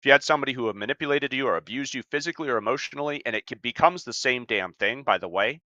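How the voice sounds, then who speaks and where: Blunt, forceful man swearing freely. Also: mid-range voice, racing, no room sound, muffled recording. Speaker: podcast co-host and life coach. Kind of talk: casual podcast talk.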